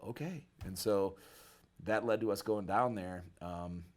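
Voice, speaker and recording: A man from Michigan, a guest musician, telling a story casually in an interview, animated and loose with slang. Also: low voice, measured pace. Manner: animated, acts out quoted people with a raised voice, casual slang. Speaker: guest musician, bass player.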